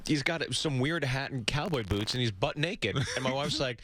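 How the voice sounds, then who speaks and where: A guest comedian in a radio studio, telling animated stories and laughing through them. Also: male voice, mid-range voice, moderate pace. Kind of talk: casual storytelling chat.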